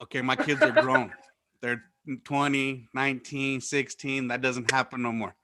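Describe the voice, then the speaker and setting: A man, doing loud, profane stand-up on a video call and laughing through his stories. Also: medium pitch, little pitch movement, normal speed, a crowd in the background. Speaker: comedian.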